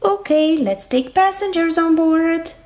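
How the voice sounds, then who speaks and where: A woman's voice: very high voice, a little slow, heavy background noise. A woman narrating a children's toy play as a doll train conductor, cheerful and sing-song. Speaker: toy video host voicing a conductor doll.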